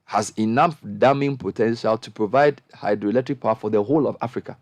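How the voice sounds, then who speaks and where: A middle-aged man with a Ghanaian accent, hosting a radio panel discussion and speaking with impassioned, animated energy that climbs into high exclamations. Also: a little fast, no echo. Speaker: radio show host.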